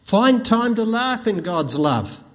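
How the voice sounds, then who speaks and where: A man's voice: high-pitched, big pitch swings, slow pace. An older man, preaching a sermon with folksy stories and jokes. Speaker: pastor. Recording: long reverb in a hall.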